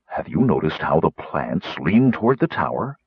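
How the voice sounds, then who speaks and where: A man's voice: extremely low pitch, very animated, normal speed, breathy edge, no room sound, voice pushed down, heavily acted. A man voicing an observant, careful male gnome in an audiobook. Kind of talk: audiobook character voice. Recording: slightly muffled recording.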